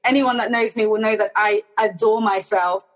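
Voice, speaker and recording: A woman's voice: medium pitch, fairly even intonation, normal speed, rough recording. A woman therapist speaking as a guest in a casual chat, earnest and heartfelt, often repeating words.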